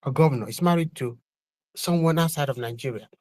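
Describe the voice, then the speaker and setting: A man making a measured, slightly hesitant point in a live online discussion. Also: medium pitch, darkish tone, dry recording. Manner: measured, hesitant, with fillers and questions. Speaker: participant in an online audio discussion.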